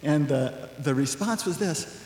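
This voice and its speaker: A male pastor preaching a sermon in a relaxed, conversational way, full of asides. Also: fairly high pitch, a little slow, a little hiss or hum. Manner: conversational, animated, acts out quoted voices with laughs. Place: church sanctuary. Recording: echoey church hall.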